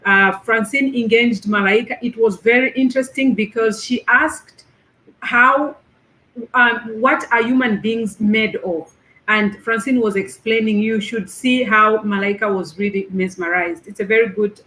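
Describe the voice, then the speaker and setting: A woman hosting a casual online panel chat, gushing and enthusiastic as she introduces guests. Her voice sits a bit high, and the sound is echoey, as if picked up in a bare room. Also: steady tone, unhurried, sharp tone. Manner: effusive, many fillers. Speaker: host.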